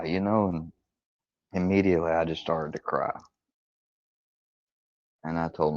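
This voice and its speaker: A man's voice: sits low, little pitch movement, normal speed, pauses often, a little mellow, no echo. A man streaming live, telling rambling personal stories in a casual, profane way and acting out the lines of the people in them. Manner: rambling, profane, retells dialogue with quoted voices. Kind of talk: casual storytelling livestream. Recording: dull lo-fi stream audio.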